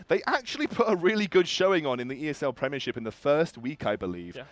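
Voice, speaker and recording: British male esports caster, quick delivery, dry close mic, analytical and animated. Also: mid-range voice, dry recording. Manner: fast, animated analysis with frequent restarts.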